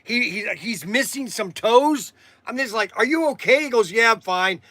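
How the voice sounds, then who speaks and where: A middle-aged man chats on a livestream in a high, bright voice, telling a rambling story full of restarts and fillers. The sound is dry and close. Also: lively intonation, normal speed, no echo. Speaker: livestream host and shop owner. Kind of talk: casual livestream chat.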